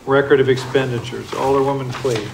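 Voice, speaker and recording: A man chairing a city finance committee, calling each agenda item and vote in a brisk, procedural way. His pitch barely moves, and a faint hiss sits behind him in the council room. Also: steady tone, vocal fry, rough recording. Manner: brisk, procedural, reads agenda items in order. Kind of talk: formal meeting procedure.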